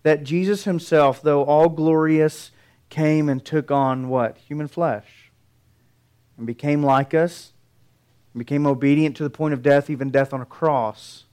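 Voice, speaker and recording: A man's voice: fairly high pitch, fairly even intonation, measured pace, a little mellow, smooth. A middle-aged male pastor preaching a sermon, earnest and building emphasis through his points.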